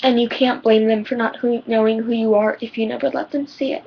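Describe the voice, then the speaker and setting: A woman's voice: a little high, little pitch movement, brisk, gravelly, husky, muffled recording. A teenage girl giving personal advice in a rambling, heartfelt vlog, her voice shaking near tears. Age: teens. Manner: rambling, heartfelt, many ums. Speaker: vlogger.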